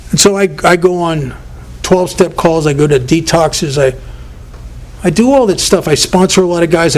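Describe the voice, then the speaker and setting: A man speaking at a recovery workshop, talking in an earnest, storytelling way that often breaks off and restarts. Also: fairly high pitch. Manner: storytelling, self-interrupting, earnest.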